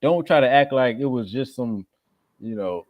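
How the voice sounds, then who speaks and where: A man's voice: medium pitch, expressive, moderate pace, no echo. Blunt man, dry muffled recording. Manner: blunt, laughs off disagreement. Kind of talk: heated casual debate.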